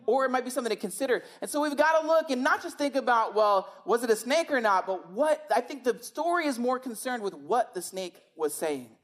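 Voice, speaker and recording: A woman's voice: a little high, expressive, brisk, few pauses. A woman preaching a sermon in a conversational, emphatic way, often asking rhetorical questions.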